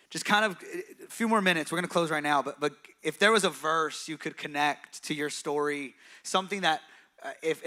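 Bright-voiced man hosting a church interview. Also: a little high. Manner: emotional, encouraging, stumbling restarts. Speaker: pastor hosting a stage interview.

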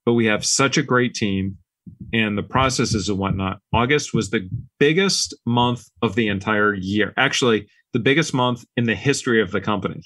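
Man, low voice, dry close sound, relaxed anecdotal podcast guest. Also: normal speed, no room sound. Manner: relaxed, anecdotal, acts out quoted dialogue. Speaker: business owner guest. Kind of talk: casual podcast storytelling.

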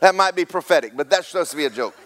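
A middle-aged man preaching a sermon as pastor, rising to a loud rhythmic peak and slipping in joking asides to the congregation. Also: a little high, animated, racing.

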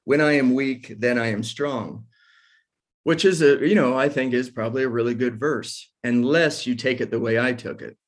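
A man's voice: medium pitch, normal speed. A man in his forties hosting a casual faith discussion, talking candidly and self-deprecatingly about his own struggles. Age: 40s.

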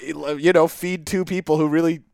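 A man co-hosts a podcast and makes wry, teasing asides in casual chat. His voice sits a little higher than usual for a man. The sound is dry and close, with no room echo. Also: steady tone, normal speed, creaky, darkish tone, clear, resonant tone. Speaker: podcast co-host.

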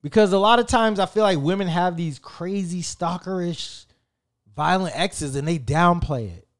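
A man in his thirties casually telling a story in an animated, slangy way, with frequent swearing. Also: high voice, moderate pace. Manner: animated, profane, slangy and conversational.

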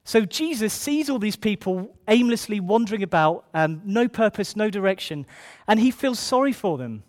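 A man delivers a sermon, reading scripture slowly before rushing through his asides and often repeating key phrases. His voice sits high and sounds animated.

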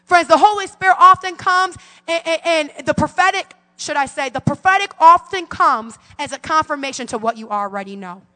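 High bright-voiced woman preaching in a hall. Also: animated, moderate pace. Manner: fervent preaching with call-and-response. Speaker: pastor. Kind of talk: sermon. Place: church sanctuary.

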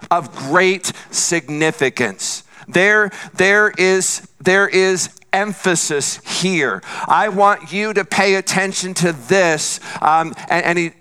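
Male pastor, sermon delivery, earnest and repetitive, high clear voice. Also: sharp tone. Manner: earnest, repeats for emphasis.

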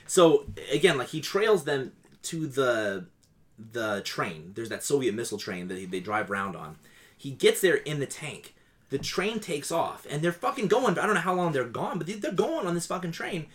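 A man in casual chat, animated and profane, sounding incredulous as he talks. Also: a little high, normal speed.

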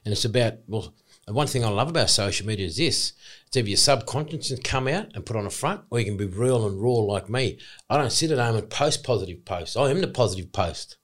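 An Australian man in his forties, a former rugby league player telling his story in an excitable, rambling, emphatic way as a podcast guest. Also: lowish voice, fast. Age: 40s. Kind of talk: casual podcast interview.

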